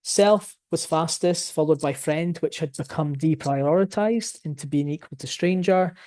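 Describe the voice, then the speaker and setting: A man's voice: on the high side, unhurried, a little mellow. A man presenting his research in an academic talk, explaining his findings and thinking aloud as he goes.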